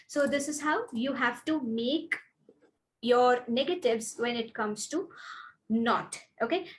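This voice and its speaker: A woman with an Indian English accent, an English trainer giving an online grammar lesson and saying example sentences slowly and carefully. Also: sits high. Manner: clear, deliberate teaching with slowed example sentences.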